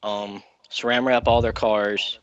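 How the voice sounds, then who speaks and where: A young man hosting a podcast, telling a prank story quickly and excitably, with a lot of swearing. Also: on the low side, clean tone, dry recording, highs cut off. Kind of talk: casual storytelling.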